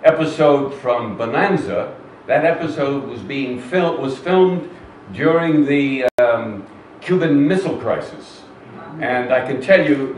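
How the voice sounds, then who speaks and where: An older man, an actor being interviewed on stage, telling anecdotes to a live audience in a chatty, self-deprecating way with fillers and restarts. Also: mid-range voice. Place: cinema hall with live audience. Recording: roomy hall, distant mic, faint noise.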